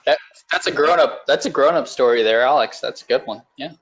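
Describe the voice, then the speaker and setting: A man's voice: medium pitch, fairly quick, a bit bright, poor audio. A man co-hosting a casual podcast, chiming in with dry teasing remarks. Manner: teasing, wry interjections. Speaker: podcast co-host.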